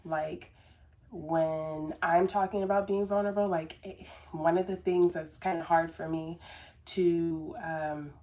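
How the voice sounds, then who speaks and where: A woman who describes herself as very sensitive talks to camera as a business coach in a casual, earnest, rambling motivational way, with lots of fillers and false starts. Her voice is lowish and dark, her tone steady, her pace a little slow.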